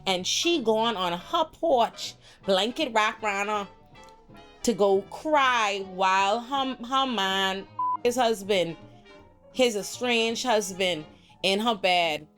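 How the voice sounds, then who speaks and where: A woman recapping a TV show in casual, profane, animated speech, slipping into mocking voices for the characters. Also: mid-range voice, a little slow, faint music behind. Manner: animated, profane, mimics characters in quoted bits. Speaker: pop culture commentator.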